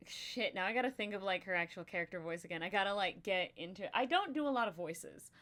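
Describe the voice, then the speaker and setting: A woman hosts a casual chat, rambling and giggly, with plenty of ums and uhs. Her voice sounds bright and crisp, at an everyday middle pitch. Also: animated, fast talker. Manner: rambling, giggly, lots of fillers. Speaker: podcast host.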